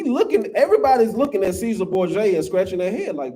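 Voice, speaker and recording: A man preaches scripture in a fiery, emphatic style. His voice sits high and swings up and down with lively energy. He keeps tossing in "man" as he drives each point home. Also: brisk. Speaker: Sabbath class teacher.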